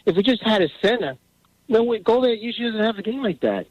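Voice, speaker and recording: A man's voice: high-pitched, animated, quick pace, a little mellow, dry recording, poor audio. A man with a New York accent calling in to a sports radio show, chatting in a rambling way. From US East Coast. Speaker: caller. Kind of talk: call-in radio chat.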